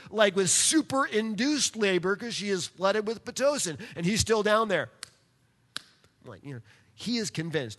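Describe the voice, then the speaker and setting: A man preaching a sermon, telling a personal story in an animated way and speaking directly to his congregation. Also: sits high. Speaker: pastor. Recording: long hall reverb.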